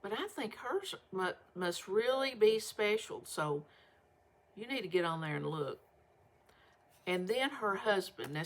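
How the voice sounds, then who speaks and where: Chatty older woman, gravelly voice. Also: fairly low pitch, fairly bright tone. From Southern United States. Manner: chatty, folksy and rambling. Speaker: vlog host. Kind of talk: casual chat to viewers.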